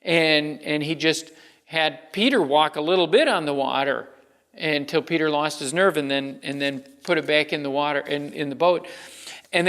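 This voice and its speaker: A man speaks from the pulpit with a somewhat high-pitched voice, working through a sermon in a relaxed, conversational way, often circling back and restarting his phrases. His words ring out with the long reverb of a church sanctuary. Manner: conversational, with many restarts and fillers. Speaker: pastor.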